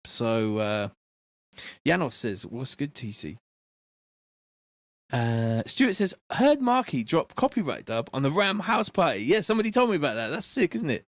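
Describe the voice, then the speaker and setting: A man chatting casually on a live stream, reading out viewer messages in a relaxed, slangy way from his home studio. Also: fairly high pitch, moderate pace, dry recording. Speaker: music producer streaming live.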